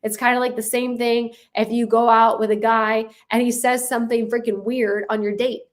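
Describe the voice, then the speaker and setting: A woman coaching salespeople in a loose, blunt way, her voice sitting a little on the high side. She leans hard on her points and keeps tossing in quick "right?" and "okay?" check-ins, with the odd swear word. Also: little pitch movement. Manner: casual, with mild swearing. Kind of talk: casual coaching talk.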